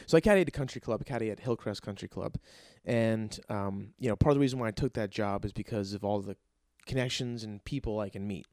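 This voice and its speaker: A man's voice: lowish voice, fast talker, hardly any pauses, dry recording, studio quality. A young man hosting a comedy podcast, telling a story in a casual, profane and rambling way. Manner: excitable, profane, rambling with restarts. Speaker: podcast host and aspiring comedian.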